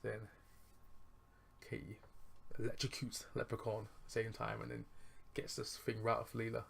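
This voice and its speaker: A man's voice: on the low side, monotone, normal speed, creaky, fairly bright tone, a little hiss or hum. A man casually retelling a film's plot as a reviewer, rambling, chuckling and correcting himself as he goes. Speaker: movie reviewer.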